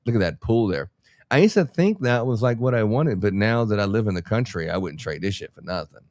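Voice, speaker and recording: Low-voiced man telling rambling stories. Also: lively intonation, fairly quick, a little mellow, no echo, clean studio sound. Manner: rambling, slangy, self-mocking. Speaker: podcast co-host. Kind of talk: casual storytelling chat.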